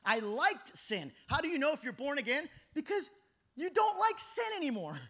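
A man in his thirties preaching an energetic youth sermon at a camp meeting, telling stories that swing from shouting to hushed. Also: extremely high pitch, moderate pace. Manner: animated storytelling, shifts from shouting to hushed.

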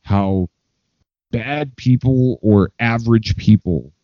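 A man's voice: medium pitch, slow pace, no echo, lo-fi sound. A man co-hosting a podcast, giving rambling hot takes in casual chat with lots of fillers. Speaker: podcast co-host.

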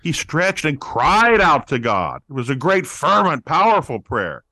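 A man speaking as a guest on a talk show about prayer, explaining scripture in an animated preaching manner and acting out quoted voices. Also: a little high, measured pace, no room sound. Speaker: guest, pastor-author on prayer. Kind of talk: teaching interview answer.

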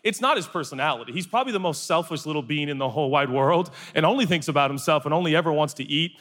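Man, pastor, lively storytelling sermon, slightly high voice, long echo of a big hall. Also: quick pace. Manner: animated, acts out voices for comic anecdotes. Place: large hall with audience.

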